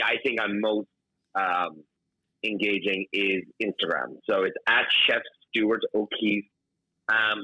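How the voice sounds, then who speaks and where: Husky bright-voiced male chef on a dull line. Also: lowish voice, no echo. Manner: chatty, heavy use of "like". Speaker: guest chef. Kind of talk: casual interview chat.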